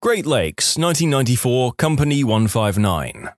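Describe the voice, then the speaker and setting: A man reading out collected stories in a wry, deadpan-leaning narration, with a mid-pitched voice that rises and falls with a lot of life. The sound is dry and close, with no room around it. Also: normal speed, no room sound. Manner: dry, wry storytelling with quoted dialogue. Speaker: story narrator. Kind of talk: scripted narration of online stories.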